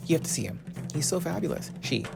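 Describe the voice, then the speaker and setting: A young man ranting through a casual pop-culture commentary, theatrical and profane, swinging between muttering asides and loud outbursts. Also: fairly high pitch, big pitch swings, fast talker, creaky, over music. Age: young adult. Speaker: commentary vlogger.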